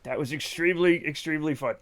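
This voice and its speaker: Streaming a game live, this man jokes around with his chat, full of energy and tossing in casual curses. He speaks fast in a high-pitched voice with a bright, forward quality.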